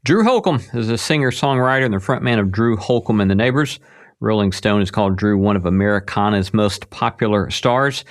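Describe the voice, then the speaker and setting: A man's voice: lowish voice, fairly quick. A man hosting an interview show, speaking in a thoughtful, professorial way as he introduces and questions his guest. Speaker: podcast host.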